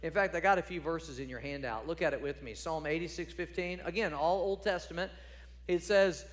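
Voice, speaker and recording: A man's voice: on the high side, normal speed, big-room sound. A man preaching a sermon as a pastor, conversational and emphatic, repeating phrases for stress.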